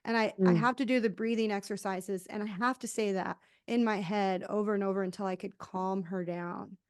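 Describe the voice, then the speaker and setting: A woman's voice: mid-range voice, steady tone, moderate pace, smooth. A woman hosting an interview podcast who tells a candid personal story in casual conversation. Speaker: podcast host.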